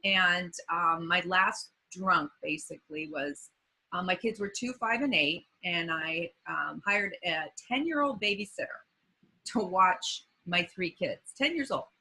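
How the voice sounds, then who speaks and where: Woman, 50s, podcast guest; bright, breathy voice, halting and heartfelt storytelling. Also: on the low side, poor audio. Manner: halting, many fillers and restarts; earnest and emotional. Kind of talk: personal recovery story.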